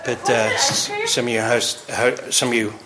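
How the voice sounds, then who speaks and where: A man's voice: mid-range voice, level tone, moderate pace, over music, rough recording. A man over forty giving an informal sermon, chatty and joking, often laughing between points. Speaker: pastor.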